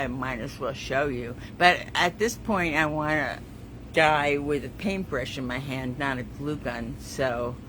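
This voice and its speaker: A woman's voice: sits low, background noise. A woman artist hosting her own weekly show, chatting casually and effusively as she shows her work, with rambling asides. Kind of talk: casual live show-and-tell.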